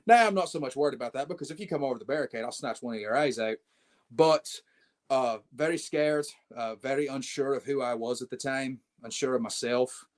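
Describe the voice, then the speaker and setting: A man's voice: medium pitch, brisk. Brash young man telling wrestling stories. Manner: brash, swaggering, calls people mate. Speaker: wrestler and champion guest. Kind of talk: casual interview storytelling.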